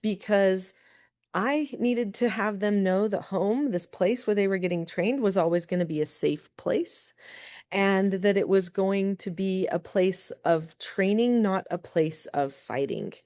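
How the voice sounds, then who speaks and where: A middle-aged woman, a guest on a parenting show, telling stories in lively conversation and acting out other people's voices. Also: mid-range voice, a little slow. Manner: lively, acts out quoted voices. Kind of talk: conversational storytelling.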